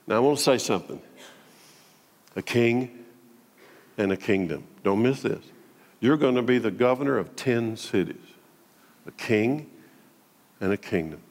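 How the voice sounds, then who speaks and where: A pastor preaching a sermon, dramatically swinging between loud declaiming and low, intimate tones. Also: male voice. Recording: long hall reverb.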